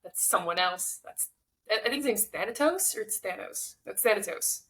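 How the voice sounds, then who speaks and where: Young woman, podcast co-host, relaxed, self-deprecating humor, mid-pitched voice. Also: moderate pace. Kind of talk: casual chat and myth retelling.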